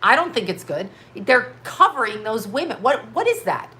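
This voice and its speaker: A woman in her fifties on a livestream, pouring out an emphatic, profane rant with one rhetorical question after another. Her voice sits a bit high and rings bright and forceful. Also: big pitch swings, normal speed. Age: 50s. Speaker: livestream host.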